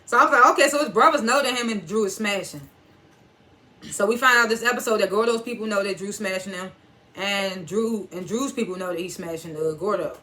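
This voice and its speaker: This mid-range voice moves fairly quickly and sounds pushed and bright. In AAVE, a TV reviewer walks through an episode's scenes line by line in a relaxed storytelling way, chuckling at the twists and quoting characters with "he was like."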